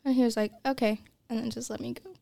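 A woman's voice: fairly high pitch, steady tone, fast talker, vocal fry, mellow, no room sound. A woman in casual podcast chat, telling a short story in a wry, self-mocking way.

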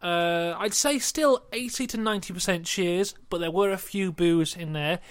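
Chatty young British man, high voice. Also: moderate pace, clear, resonant tone, no room sound. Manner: chatty recap with playful put-on quotes. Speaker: podcast co-host. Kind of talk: casual wrestling review chat.

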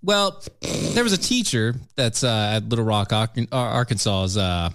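A man co-hosting a radio show, teasing with deadpan asides in casual banter. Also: on the low side, normal speed, no room sound, studio quality.

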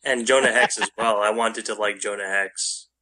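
A man's voice: fairly low pitch, fairly even intonation, moderate pace, pushed and bright. A man in a casual movie chat, laid-back and dryly sarcastic.

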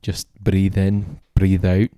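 A man's voice: sits low, completely flat delivery, dark tone, no room sound, clean studio sound. A man putting on a soothing Scottish meditation guide. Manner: soothing, slow guided breathing instructions.

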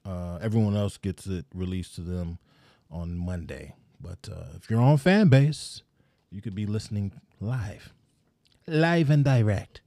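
A man hosting a podcast in relaxed, rambling casual chat, often laughing mid-sentence. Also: lowish voice, measured pace, no room sound, clean studio sound. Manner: laid-back, rambling, laughs while talking. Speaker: podcast host.

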